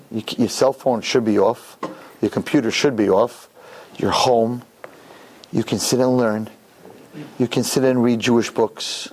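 A man, a rabbi, giving a sermon to young men through an animated, joking story. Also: medium pitch, a little hiss or hum.

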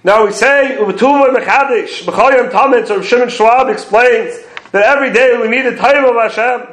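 Guy with a really high voice teaching torah, echoey room. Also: brisk, fairly bright tone. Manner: explains commentaries step by step, quoting Hebrew phrases. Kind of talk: prayer commentary lecture.

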